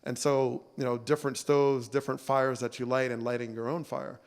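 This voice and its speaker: Keynote speaker: man in his forties, loose and conversational, mid-pitched voice, hall reverb. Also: level tone, brisk, smooth. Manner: conversational, many fillers like "you know" and "right?". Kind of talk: relaxed storytelling speech. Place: banquet hall. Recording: long reverb of a banquet hall.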